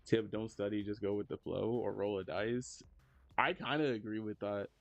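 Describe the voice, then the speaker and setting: A man's voice: fairly even intonation, moderate pace, gravelly, dry recording, faint music behind. Laid-back young man streamer chatting. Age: young adult. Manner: laid-back slangy talk, jumps high when teasing chat. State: low energy. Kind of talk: casual livestream chat reading messages.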